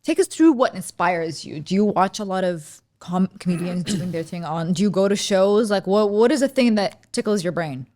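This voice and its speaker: A woman interviewing a guest in a casual chat, asking quick questions loosely with plenty of filler words. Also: medium pitch, lively intonation, a little mellow.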